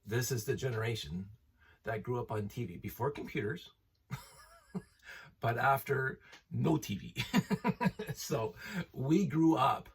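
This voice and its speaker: A man's voice: mid-range voice, animated, takes it slowly, long pauses, recorded from a distance, a little hiss or hum. A man in his fifties chatting casually as host, rambling and enthusiastic, laughing often as he talks. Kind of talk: casual chat.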